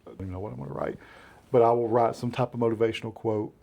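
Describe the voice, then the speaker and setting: A man with a Southern American accent, a guest in a casual interview, telling lively stories and acting out what others said. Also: mid-range voice, very fast, creaky, highs cut off. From Southern United States. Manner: animated storyteller who acts out quotes. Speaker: interview guest, beard care brand founder.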